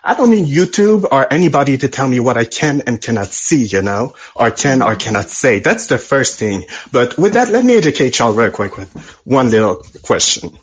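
A husky man with a French accent calls in from France, and his voice swings widely in pitch. He argues his point in a playful, blunt manner and laughs often. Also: sing-song, normal speed. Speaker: caller. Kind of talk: call-in opinion.

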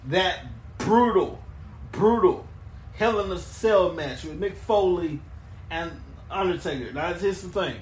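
A man with a high, bright voice talks through wrestling history on his own podcast. He rambles, stumbles and restarts, then bursts into loud emphatic questions. The sound is roomy and echoey. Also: lively intonation, takes it slowly, a little hiss or hum. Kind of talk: solo podcast recap and show plugs.

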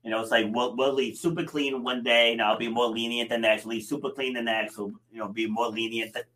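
Bright-voiced man, chatty and laughing. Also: medium pitch, level tone, fairly quick. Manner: laughs often, tells stories with acted quotes. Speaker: coach with clients. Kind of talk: casual conversation.

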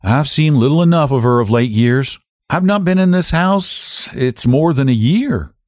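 A man's voice: medium pitch, animated, unhurried, a little mellow, no room sound, clean studio sound, pitched above the performer's own voice, natural voice. A man voicing a blunt, testy, sturdy middle-aged farm woman in an audiobook. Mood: guarded.

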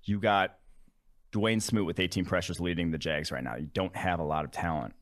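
A man's voice: sits low, fairly bright tone. A young man from Wisconsin co-hosting a football podcast in loose, casual chat full of restarts. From Wisconsin, USA. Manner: quick, loose talk with many restarts and fillers. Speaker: football analyst, co-host.

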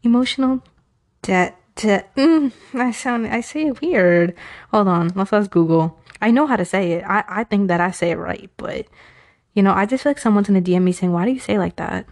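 New york woman giving islamic life advice, chatty and blunt, mellow warm voice. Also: mid-range voice, animated, a little fast. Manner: chatty, frank, digresses with self-aware humor. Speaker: advice speaker. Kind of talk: casual Islamic advice talk.

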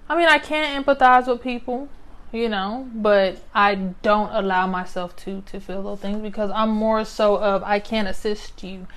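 A woman's voice: mid-range voice, steady tone, normal speed, fairly bright tone. A young adult woman talking casually and reflectively to her listeners, often ending a point with "right?". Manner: conversational, often adds "right?" as a tag. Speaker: speaker sharing personal reflections.

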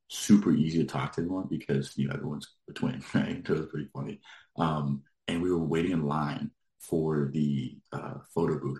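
A man's voice: extremely low pitch, gravelly, a little mellow, reverberant. A man telling a story in casual chat, rambling and full of filler words, laughing now and then. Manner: rambling, lots of likes, laughs while telling.

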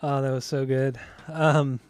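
A man's voice: mid-range voice, little pitch movement, measured pace, darkish tone, a little hiss or hum. A man co-hosting a podcast in casual chat, rambling and swearing easily as he talks about music. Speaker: podcast co-host.

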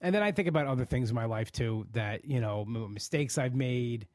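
A man's voice: mid-range voice, lively intonation, a little fast, darkish tone, dry recording, studio quality. A man in his forties hosting a podcast, talking in an earnest, rambling way with many restarts. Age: 40s. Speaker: podcast host. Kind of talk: casual solo podcast talk.

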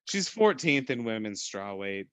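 A man's voice: lowish voice, sing-song, measured pace, clean tone, dry recording. A man co-hosting a casual sports podcast, rambling and joking, often hedging with "I don't know.". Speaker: podcast co-host.

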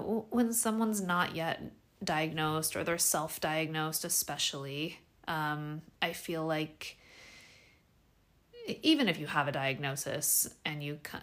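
A young adult woman hosting a podcast, talking casually and animatedly with lots of fillers and restarts. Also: low voice. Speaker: podcast host.

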